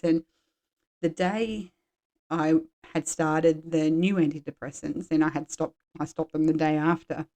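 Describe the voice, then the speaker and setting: A woman's voice: low voice, fairly even intonation, unhurried, dark tone. A woman in her forties hosting a podcast, talking frankly and in a rambling, casual way about her own life. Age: 40s. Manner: frank, rambling, drops swear words. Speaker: podcast host. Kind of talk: candid personal chat.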